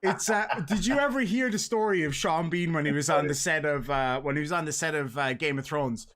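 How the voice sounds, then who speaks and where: A man's voice: fairly high pitch, fairly bright tone. Chatty Irish man hosting a stream. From Ireland. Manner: chatty, reads out donations, quick laughs. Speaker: host. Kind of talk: casual livestream chat.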